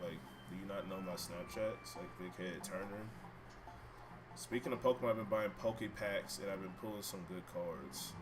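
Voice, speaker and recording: A man's voice: deep voice, fairly even intonation, moderate pace, noisy background. A man streaming himself playing a video game from a room at home, chatting and bantering with his viewers and swearing freely. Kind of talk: casual live-stream chat while playing. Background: game music.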